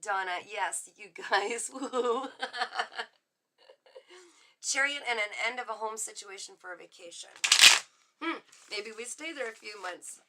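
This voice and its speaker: A chatty, excitable middle-aged woman hosting a casual live tarot stream. Her voice is bright and sits a little high, and she reacts to viewer comments as she reads cards. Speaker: psychic reader on a live stream.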